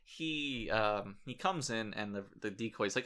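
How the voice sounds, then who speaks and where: A man chats on a casual podcast, his bright voice full of lively pitch swings. He tells stories animatedly and jokes in a crude, irreverent way. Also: a little slow. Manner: animated storyteller, acting out quoted people. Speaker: podcast host.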